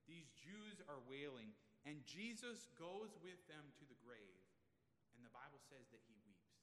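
A man's voice: on the high side, big pitch swings, measured pace, a bit bright. A male pastor giving an expository sermon in a conversational way, asking the congregation rhetorical questions. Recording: long reverb of a large room.

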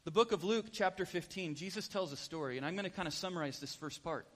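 A man preaching in an animated storytelling style, often asking his listeners questions. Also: high voice, fast, big-room sound. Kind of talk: storytelling sermon.

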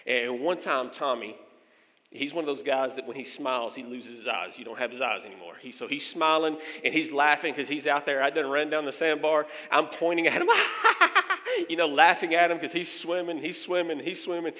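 In a big-room sound, a man with a medium-pitched voice, a pastor, shares a humorous story from the pulpit. He's an animated storyteller who performs the quoted voices of the people involved.

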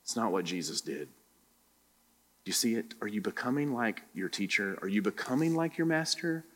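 A man with a low voice preaches to his congregation. He fires question after question at the room, and his words ring out with a long hall reverb. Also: animated, moderate pace. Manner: preaching with many direct questions to the listeners. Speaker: pastor. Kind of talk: sermon. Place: church room.

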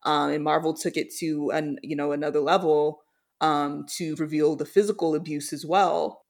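Podcast co-host, casual discussion, medium pitch, halting delivery, lots of fillers. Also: steady tone, gravelly. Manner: halting, filler-heavy, emotional.

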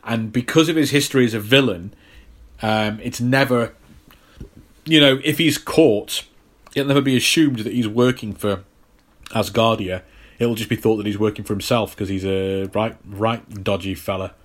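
Teasing podcast co-host. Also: male voice, fairly low pitch, normal speed. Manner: teasing, explains lore with filler words. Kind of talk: casual film podcast chat.

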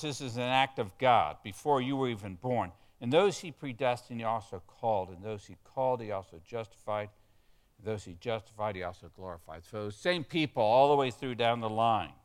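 A man preaching a sermon, emphatic, leading the congregation in call-and-response and swinging between quiet and loud. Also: medium pitch. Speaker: pastor.

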